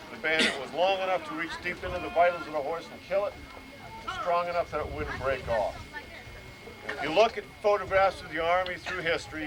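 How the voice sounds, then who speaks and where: A man giving an outdoor reenactment demonstration, explaining rifle drill steadily and barking out commands. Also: on the high side. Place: outdoors at a historic fort. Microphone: camcorder from a distance. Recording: noisy outdoor camcorder audio.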